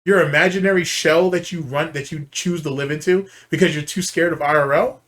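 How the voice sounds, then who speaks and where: A man's voice: on the high side, steady tone, brisk, a bit bright. A man hosting a commentary channel, ranting in a heated, profane and scornful way while reacting to a clip.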